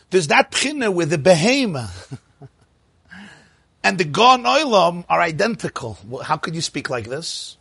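A man's voice: a little high, big pitch swings, normal speed, creaky, bright, forceful tone, husky, dry recording. A man giving a spoken Torah lecture, emphatic and repeating phrases for stress. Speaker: teacher of a religious class.

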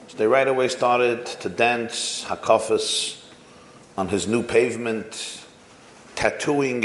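A male preacher delivers a sermon full of anecdotes, shifting his pace as he tells them. His voice sits fairly low. The sound is roomy, with a hall echo. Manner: storytelling, varied pace. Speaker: preacher addressing educators.

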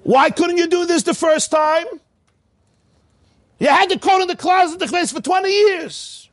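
A man doing a puzzled old father, high. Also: unhurried, dry recording. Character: poor elderly father, puzzled and questioning.

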